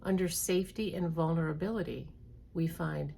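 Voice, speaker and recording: A woman therapist giving a calm, measured educational talk, reading items slowly. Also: low voice, gravelly, slight background noise. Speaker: trauma therapist.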